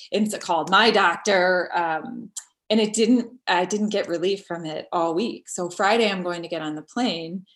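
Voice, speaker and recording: Soft-spoken woman telling a personal story. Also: on the low side. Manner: halting, many fillers and restarts, tender. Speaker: guest.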